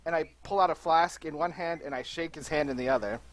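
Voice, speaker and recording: A player at a tabletop game, talking casually and quick to joke. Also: medium pitch.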